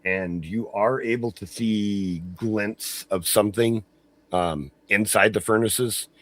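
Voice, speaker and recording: A man's voice: lowish voice, takes it slowly. A man narrating a tabletop game as game master in a descriptive style, with frequent fillers.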